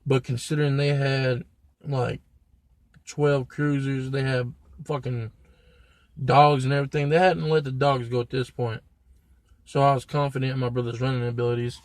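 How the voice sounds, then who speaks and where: A man's voice: medium pitch, little pitch movement, moderate pace, no echo. Blunt, profane man telling a story. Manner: profane, blunt street slang. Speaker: vlogger. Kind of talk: casual storytelling to camera.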